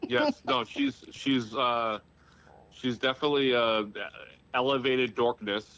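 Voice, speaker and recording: A man's voice: medium pitch, steady tone, measured pace, fairly bright tone, muffled recording. A man calling in to a live stream, teasing the host with dry humor. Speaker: caller. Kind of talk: casual chat.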